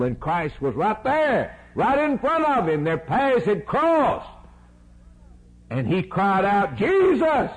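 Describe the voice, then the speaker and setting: A man preaching an impassioned sermon, swinging between shouted peaks and hushed, intimate lows. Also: slightly rough, low-quality recording.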